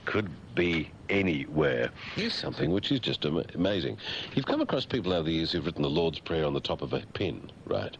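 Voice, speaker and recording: Deep sardonic Australian radio host. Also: male voice. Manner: sardonic, deadpan riffing with mock dialogues. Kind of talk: talk radio monologue. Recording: dull lo-fi radio broadcast with faint hiss.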